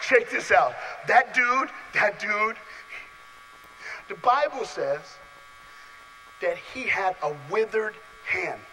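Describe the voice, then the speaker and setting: A man preaching a lively youth sermon to a large live audience, playful and direct, calling on people in the crowd and swinging from soft asides to shouts. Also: high voice, slow pace, long pauses, slight background noise, rough recording.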